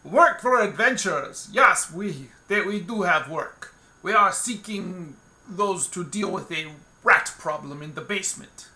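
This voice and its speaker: A man voicing a tall, burly, tactless tavern barkeep who talks loud and curt. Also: sits high, sing-song, takes it slowly, pitched above the performer's own voice, exaggerated voice. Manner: gruff and curt.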